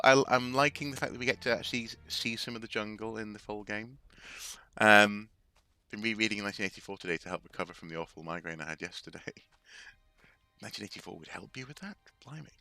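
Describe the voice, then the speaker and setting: Man, game streamer, low voice, sharp tense tone, rambling commentary, dry close mic. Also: a little fast, creaky, faint music behind. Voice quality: rambling, with many fillers and restarts. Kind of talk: casual gaming commentary.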